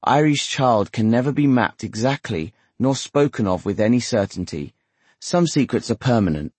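A man narrating a literary novel in a measured, steady, wry manner. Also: mid-range voice, husky, dry recording. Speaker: audiobook narrator.

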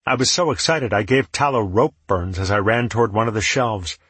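A male audiobook narrator with a low, husky voice, telling a first-person story in an even, measured way. The recording is dry and close. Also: no echo.

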